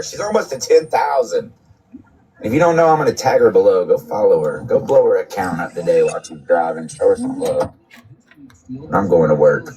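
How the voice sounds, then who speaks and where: A man's voice: deep voice, mellow, recorded from a distance, poor audio. A man with a congested, sick-sounding throat talks casually in a profane, repetitive, upbeat way. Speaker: streamer. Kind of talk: casual vlog chat.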